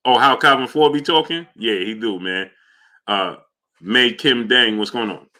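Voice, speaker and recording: A man hosting a casual boxing livestream from New York, reading super chats and shouting out viewers by name in loud bursts. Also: medium pitch, a little slow.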